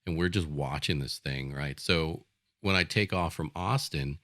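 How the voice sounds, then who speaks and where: A man's voice: a bass voice, measured pace, sharp tone, dry recording, studio quality. A man in casual conversation, telling a rambling story as a podcast co-host. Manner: rambling, chatty.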